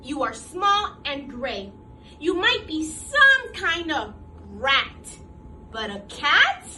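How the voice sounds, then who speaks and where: A big orange tiger from a picture book teases with amused condescension in an animated voice, as a woman puts him on. He talks down playfully. The voice sits slightly away from the mic. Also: sits high, slow, distant mic, a little hiss or hum, exaggerated voice. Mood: teasing. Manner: teasing, amused. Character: mocking big male tiger.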